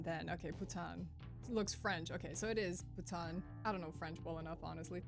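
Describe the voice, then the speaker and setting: A woman's voice: on the low side, expressive, brisk. A woman playing through a visual novel, reading the story aloud with casual joking asides. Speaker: let's player. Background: game music.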